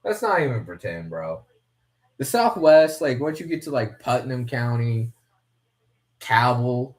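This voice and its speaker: A man's voice: mid-range voice, big pitch swings, a little slow. Rambling young man, swearing freely. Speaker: podcast host watching fights. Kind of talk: rambling casual commentary.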